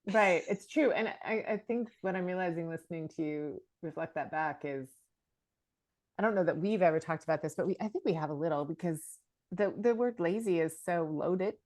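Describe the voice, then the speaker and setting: Low-voiced chatty woman podcaster. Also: brisk, darkish tone, dry recording. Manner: chatty, laughs often, many fillers and restarts. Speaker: podcast co-host. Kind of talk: casual chat.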